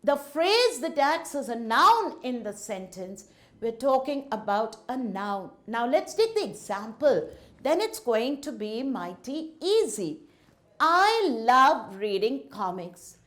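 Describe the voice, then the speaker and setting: A woman teacher with an Indian English accent explains grammar to children in a slow, unhurried way. Her voice sits high and swings widely in pitch, sing-song and full of emphasis. She keeps calling her listeners children. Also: very animated, fairly bright tone.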